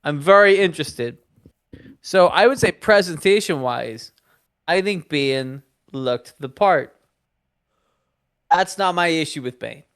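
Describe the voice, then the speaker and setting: Smooth-voiced man chatting about movies. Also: a little high, slow pace, pauses often. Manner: animated, acts out reactions in quotes. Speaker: podcast co-host. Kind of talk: casual film discussion.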